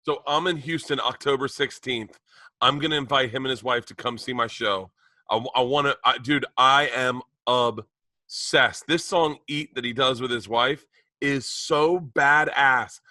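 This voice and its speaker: Excitable man, bright forceful voice. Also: mid-range voice, measured pace, no room sound. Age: 40s. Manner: excitable, rambling storyteller. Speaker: podcast co-host. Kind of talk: casual chat, storytelling.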